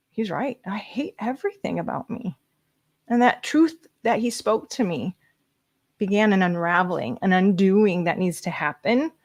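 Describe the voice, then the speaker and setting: A woman's voice: mid-range voice, no room sound, clean studio sound. Woman giving a dramatic testimony speech. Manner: dramatic, swings from hushed whispers to raised voice. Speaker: motivational speaker. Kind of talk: emotional personal testimony speech. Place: conference stage.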